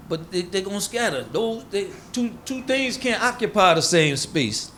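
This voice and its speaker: A man's voice: high-pitched, very animated, moderate pace, few pauses, sharp tone, slight background noise. A man preaching in a casual, conversational way. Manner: informal, conversational, acts out quoted voices. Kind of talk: sermon teaching.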